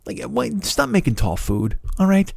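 A man's voice: high voice, huge pitch swings, normal speed, gravelly, darkish tone, dry recording, studio quality. A man hosting a podcast, ranting in a profane, exasperated and rambling comedic way. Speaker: podcast host.

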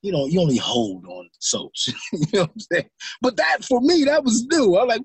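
A man's voice: sits high, lively intonation, normal speed, slightly rough, no room sound. A middle-aged man, an actor, telling stories in an interview and acting out his own reactions. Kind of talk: interview storytelling.

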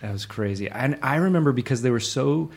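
A man in casual conversation, speaking at a middle pitch. He tells a story in a relaxed, loose way and drifts between points. His tone stays easygoing throughout. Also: a little fast, gravelly. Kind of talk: casual chat.

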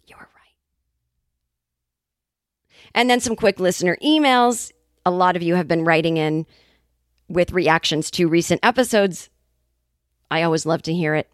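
Comedian woman in her fifties hosting her own podcast, animated and salty, on a dry close mic. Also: on the low side, moderate pace, no room sound. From New England, Boston area. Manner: animated, profane, jokey asides. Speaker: podcast host and stand-up comedian. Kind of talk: casual comedic monologue.

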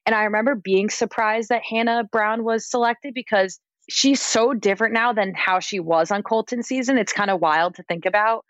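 Woman, podcast guest, casual chat, frequent fillers, mid-pitched voice, dry recording. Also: moderate pace, hardly any pauses, dry recording, highs cut off. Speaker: podcast guest, entertainment editor.

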